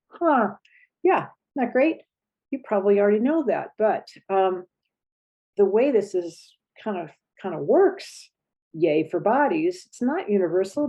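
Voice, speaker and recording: A middle-aged woman explaining a relationship skill in a relaxed, conversational teaching style, sometimes acting out short emotional sounds. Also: lowish voice, breathy edge, lo-fi sound. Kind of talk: casual spoken teaching.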